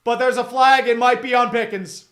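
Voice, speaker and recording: A high-pitched man in his thirties calls the game play by play as a fan streamer, swearing freely. He sounds exasperated and slips into sarcasm between plays. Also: flat delivery, moderate pace, a bit bright. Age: 30s. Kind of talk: live fan play-by-play commentary.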